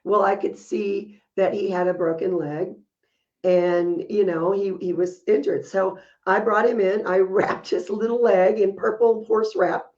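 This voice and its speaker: A woman's voice: mid-range voice, steady tone, a little slow, darkish tone, highs cut off. A woman co-hosting a podcast, telling stories in casual chat and laughing often as she talks. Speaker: podcast co-host.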